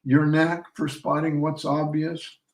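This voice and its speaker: A man reading as a sharp-tongued young barmaid. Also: fairly high pitch, flat delivery, slow. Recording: roomy sound from a distant mic.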